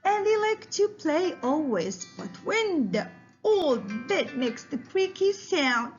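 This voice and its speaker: A woman telling a children's story in an animated way, asking the listeners questions and adding animal noises. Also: high voice, takes it slowly, highs cut off, faint music behind.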